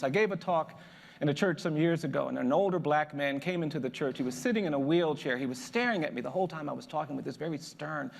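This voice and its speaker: Gravelly man, slightly high voice, emphatic speaker, long hall reverb. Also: slight background noise. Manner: emphatic, building repetition. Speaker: lawyer and public speaker. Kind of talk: motivational speech.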